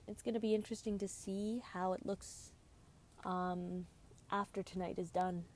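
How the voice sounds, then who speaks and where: Woman, game streamer, tired, mellow warm tone, chatty, rambling. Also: medium pitch, steady tone, normal speed. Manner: rambling, chatty, self-deprecating. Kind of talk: casual gameplay commentary.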